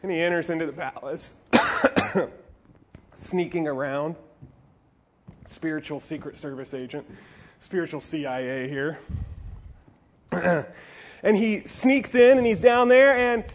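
A male pastor preaching to teenagers in an animated, jokey style with playful asides. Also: a little high, slow, pauses often. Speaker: youth pastor. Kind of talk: youth sermon.

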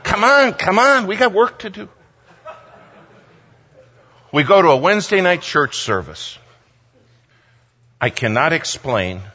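A man giving a sermon as a story, animated, humorous and conversational. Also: fairly high pitch, takes it slowly, pauses often, slightly rough. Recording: dull sound, long hall reverb.

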